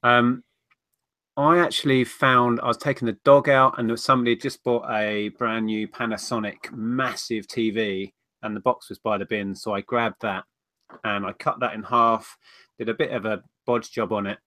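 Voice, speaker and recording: A man's voice: medium pitch, steady tone, moderate pace, sharp tone, no echo. A man chatting casually on a livestream, rambling through viewer questions. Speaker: co-host of a reselling livestream.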